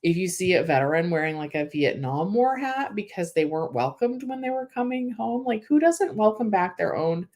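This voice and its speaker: A woman's voice: lowish voice, animated, moderate pace, hardly any pauses, a little mellow. A young woman from California hosting a casual livestream, reading viewer comments and chatting with lots of "like" and "um" fillers. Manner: chatty, emotional, many "like" and "um" fillers.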